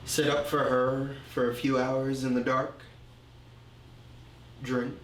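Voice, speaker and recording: A man's voice: mid-range voice, little pitch movement, a bit bright, a little hiss or hum. Arthur, a man playing a remorseful drinker. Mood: reflective. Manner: slow, halting, reflective storytelling. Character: remorseful man confessing his drinking and insecurity. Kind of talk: confessional film monologue. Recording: roomy echo.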